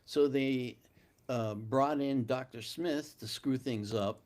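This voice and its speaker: A man's voice: medium pitch, takes it slowly, a little mellow. Blunt, storytelling middle-aged man. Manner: storytelling, blunt, hesitant fillers. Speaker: co-host, film producer. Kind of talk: casual live Q&A chat.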